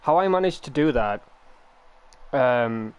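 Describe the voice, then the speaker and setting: Rambling young streamer. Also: male voice, mid-range voice, animated, slow pace, clear, resonant tone. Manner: rambling, meandering explanations. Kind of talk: casual live-stream chat.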